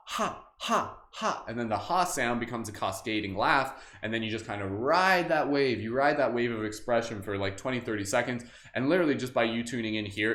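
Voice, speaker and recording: A man with a medium-pitched, fairly bright voice hosts a live guided group meditation, keeping it casual and upbeat with lots of fillers and frequent laughs. It is captured on a livestream camera mic in an echoey room.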